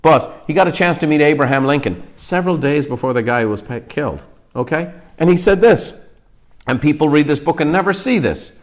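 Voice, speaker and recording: A man delivering an emphatic motivational talk to his company over a livestream. He drives each point home and keeps checking in with a quick "okay?" before pressing on. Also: fairly high pitch, expressive. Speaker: company leader giving a book talk.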